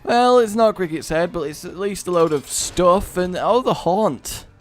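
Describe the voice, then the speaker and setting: A man hosting a let's-play video, giving excitable commentary, dramatic and panicky one moment, sarcastic the next. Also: sits high, unhurried, soft background music. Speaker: gaming YouTuber.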